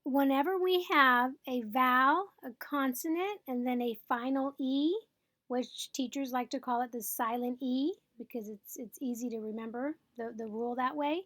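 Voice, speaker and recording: A woman's voice: sits high, fairly even intonation, normal speed, fairly bright tone, dry recording, clean studio sound. A woman teaching a phonics lesson, explaining patiently step by step and checking in with her students.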